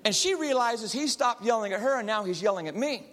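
Speaking a little fast in a high-pitched voice, a male counselor entertains a live audience with stories, bringing their characters to life in an animated way. A long reverb tail trails his words.

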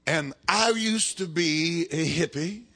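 A man preaching a sermon, telling a story dramatically and swinging from shouts down to whispers. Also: a little high, slow, gravelly, slightly rough.

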